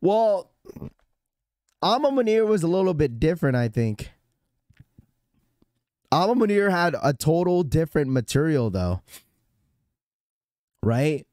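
A man with a hoarse, sore-throat voice hosting a sneaker livestream, talking to his chat in a casual, rambling way full of restarts. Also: on the high side, sing-song, measured pace, pauses often, a little mellow, no echo, studio quality. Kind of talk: casual live-stream chat.

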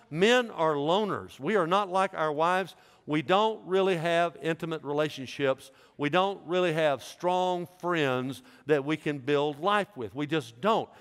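A middle-aged pastor with a high, somewhat bright voice preaches in a large church sanctuary. His style is folksy, joking and conversational, and the recording carries the reverb of a big church hall.

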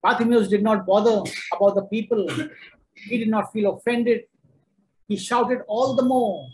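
A man's voice: high voice, steady tone, normal speed, darkish tone, a little hiss or hum, low-quality recording. Emphatic male preacher. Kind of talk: sermon.

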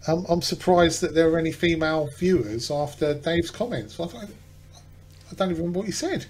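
A man's voice: on the high side, brisk, darkish tone. A British man hosting a podcast, chatting casually and teasing his co-hosts. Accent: British English. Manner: jokey, teasing. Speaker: podcast host. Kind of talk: casual chat.

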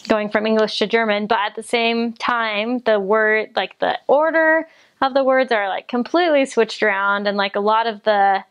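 A woman's voice: a little high, normal speed, clean tone, highs cut off. A young woman from the United States, talking casually about her mission, chatty and giggly with many fillers. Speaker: returned missionary. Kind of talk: casual chat.

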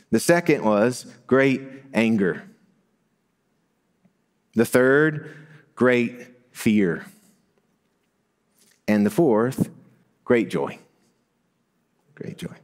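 A middle-aged male pastor giving a sermon, talking in a relaxed, conversational way that builds to emphatic moments. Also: mid-range voice. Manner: conversational preaching with rising emphasis and light laughs.

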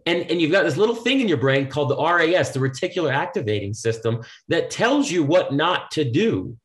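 A man's voice: fairly high pitch, big pitch swings, brisk. A male motivational speaker talking as a podcast guest, emphatic and preachy. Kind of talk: podcast conversation.

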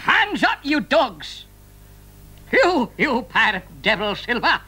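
A performer voicing a scheming old male pirate captain in a children's puppet show, with a gruff rustic drawl. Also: medium pitch, sing-song, slow, pushed and bright, full character voice, rough recording. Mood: menacing glee.

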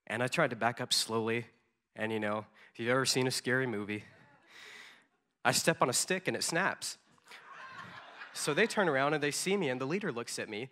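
A man delivering a sermon as a personal story, his voice bright and forward. He speaks in a relaxed, conversational way, stumbling over repeated words and filling pauses with ums. His pitch sits in an ordinary middle range for a man. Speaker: conference speaker.

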